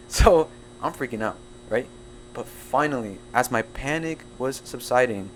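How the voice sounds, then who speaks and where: A young man narrating a storytime video in an excitable, jumpy way, full of quick asides. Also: mid-range voice, slight background noise. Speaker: storytime YouTuber.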